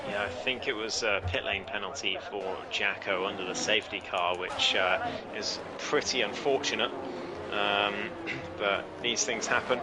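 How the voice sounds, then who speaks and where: A man commentating a sim race live, easygoing with lots of fillers, climbing in pitch when the action heats up. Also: a little slow, very noisy. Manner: relaxed, many fillers, rises sharply when action heats up.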